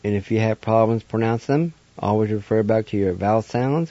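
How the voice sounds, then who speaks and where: A fairly low, mellow male voice moves briskly with few pauses through a slow spelled-out pronunciation lesson. He is a language teacher hosting a radio lesson, patiently spelling words letter by letter and sounding them out. The recording is dry and muffled.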